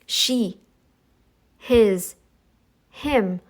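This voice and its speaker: A middle-aged woman delivers a sassy, scolding monologue, talking back to her critics. Her voice sits a little high, and she takes her time, drawing out her words. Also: drawn-out words. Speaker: commentary channel host. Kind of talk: reaction commentary monologue.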